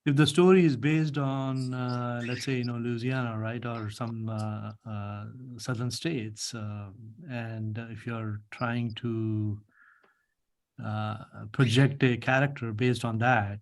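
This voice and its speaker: A man with a mid-range voice taking part in a casual discussion over a video call. He explains things slowly and haltingly, stopping often to fill gaps with "uh" and "you know.". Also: mid-range voice, fairly even intonation. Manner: halting, many fillers, explanatory. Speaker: media group member.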